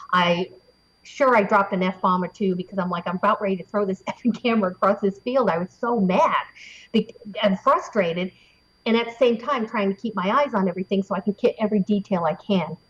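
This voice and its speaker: Brief: chatty, excitable woman interview guest, mid-range voice, lo-fi sound. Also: mid-range voice. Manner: excited, chatty, laughs often, many fillers. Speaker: interview guest, paranormal investigator. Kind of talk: animated storytelling in an interview.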